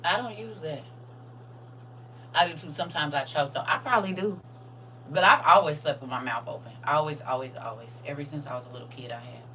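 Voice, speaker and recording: Woman, middle-aged, excitable, chatty livestream host, sharp tone. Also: sits low, fairly quick, a little hiss or hum, low-quality recording. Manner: excitable, chatty, talks straight to viewers. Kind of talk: casual live-stream chat.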